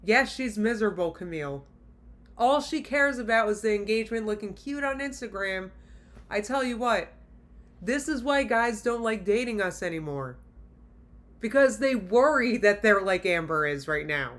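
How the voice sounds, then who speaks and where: A woman's voice: medium pitch, animated, normal speed, a bit bright. A woman hosting a reaction video, talking straight to her viewers in blunt, exasperated casual commentary.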